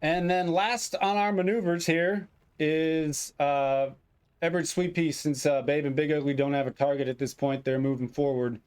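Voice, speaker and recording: Guy running a tabletop war game, kinda high smooth voice, takes his time. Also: steady tone, normal speed, a little mellow. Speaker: game master.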